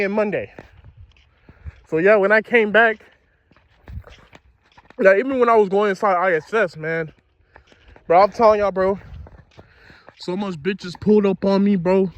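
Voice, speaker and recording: A man's voice: high voice, fairly bright tone, no echo, dull audio. A young man telling a story from his school days in a casual, slangy, profane way, speaking outdoors.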